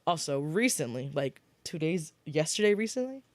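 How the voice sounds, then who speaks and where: A young woman co-hosting a podcast, chatting casually and telling animated stories about shows and books, acting out what people said. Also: sits low, dry recording. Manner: rapid gossipy storytelling, acts out quotes. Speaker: podcast co-host. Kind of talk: casual chat.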